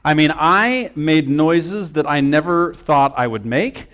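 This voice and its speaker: Animated man telling a sermon story. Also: fairly high pitch, slow. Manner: animated, self-mocking storytelling with acted-out quotes. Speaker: pastor. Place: church sanctuary.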